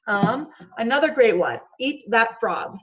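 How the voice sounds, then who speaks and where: A woman with a fairly high voice talks her team through tips in a chatty, encouraging way. She keeps checking in with a quick "okay?". The sound is dull and a bit lo-fi. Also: animated. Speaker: team coach. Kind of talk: team call coaching talk.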